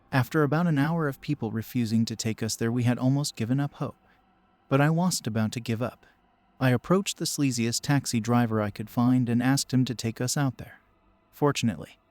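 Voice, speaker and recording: A man with a medium-pitched voice narrates a first-person horror story, keeping a steady, measured storytelling tone. There's no echo on the recording.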